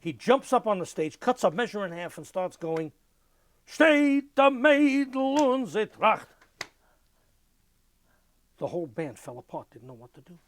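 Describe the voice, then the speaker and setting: An older man, telling lively anecdotes in an oral history interview and mimicking sounds as he goes. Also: fairly high pitch, fairly quick, few pauses, no room sound. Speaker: interviewee, musician.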